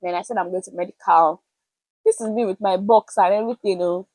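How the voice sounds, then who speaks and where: A young woman with a Nigerian accent, telling a personal story to camera in a chatty, animated way with pidgin words mixed in. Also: mid-range voice, brisk, dry recording, low-quality recording. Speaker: vlogger.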